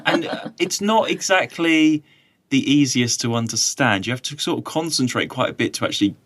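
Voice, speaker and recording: A man's voice: medium pitch, lively intonation, normal speed, fairly bright tone. A man co-hosts a casual podcast chat. He talks in an easygoing way and laughs often. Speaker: podcast co-host.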